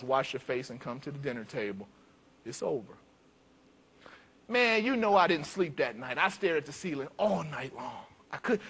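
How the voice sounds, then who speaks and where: High voiced pastor guy from detroit, storytelling sermon, gets loud n emphatic. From Detroit, United States. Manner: emphatic preaching with big swings in pitch and loudness.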